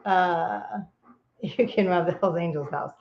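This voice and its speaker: A woman co-hosting a live-stream chat, chatty and quick to laugh. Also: lowish voice. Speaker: co-host of a motorcycle travel channel. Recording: dull lo-fi sound.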